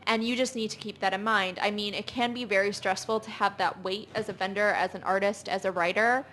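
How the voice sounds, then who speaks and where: A woman co-hosting a casual podcast chat, speaking in an earnest, measured way. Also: mid-range voice, steady tone, fairly bright tone, slight background noise. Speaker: podcast co-host.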